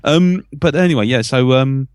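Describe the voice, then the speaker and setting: A man's voice: fairly low pitch, expressive, normal speed, a little mellow, no echo, clean studio sound. A man hosting a podcast, telling crude, joking school stories in casual chat. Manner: joking, crude, chatty storyteller. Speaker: podcast host.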